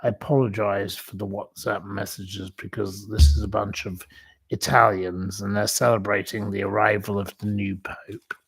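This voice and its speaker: A man's voice: fairly low pitch, little pitch movement, normal speed, creaky, breathy edge, no echo. A man hosting a casual live stream, chatty and apologetic, swearing now and then as he runs a quiz over a computer microphone. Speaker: livestream host. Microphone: computer webcam mic.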